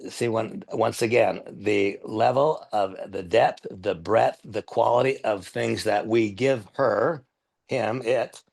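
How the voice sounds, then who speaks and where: An older man with a gravelly, somewhat husky voice, speaking low. He runs a training demo into a headset microphone. He is earnest and emphatic and circles back to drive his points home. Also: slow, darkish tone.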